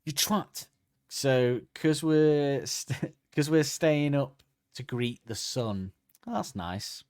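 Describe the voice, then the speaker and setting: A man's voice: medium pitch, slow, a little mellow, clean tone, dry recording, studio quality. A man, co-hosting a comedy podcast in casual chat and slipping into silly voices. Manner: joking, slips into silly put-on voices. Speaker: podcast co-host.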